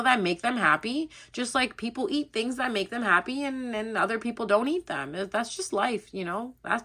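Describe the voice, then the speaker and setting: A woman's voice: mid-range voice, sharp tone. A young adult woman chatting her way through a casual tarot reading, rambling and laughing often. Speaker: tarot reader.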